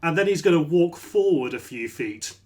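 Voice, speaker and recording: A man playing in a tabletop game, eager and animated, often restarting his sentences. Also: a little high, normal speed, soft background music. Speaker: player.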